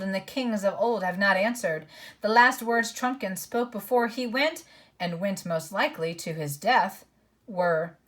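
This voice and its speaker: A woman's voice: mid-range voice, lightly acted. A woman voicing a loyal, earnest male badger who speaks sternly.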